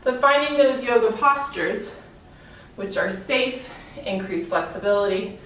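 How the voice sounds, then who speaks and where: A yoga and fitness instructor leads a guided workout, counting reps and cueing moves while exercising and out of breath. Her medium-pitched voice is fairly bright and unhurried. She sounds distant in a very echoey room, with slight background noise.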